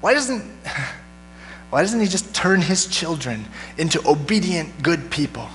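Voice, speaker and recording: A man's voice: a little high, animated, slow pace, fairly bright tone, soft background music. A man preaching a sermon in a casual, conversational way, often putting questions to his congregation. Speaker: pastor. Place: church sanctuary. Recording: long church hall reverb.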